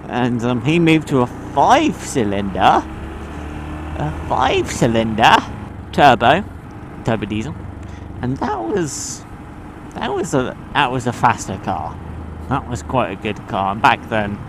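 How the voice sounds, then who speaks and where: A man from the UK giving a casual vlog monologue, animated and swearing, with his voice jumping between high and low. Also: measured pace, long pauses, background noise. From United Kingdom. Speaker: motovlogger.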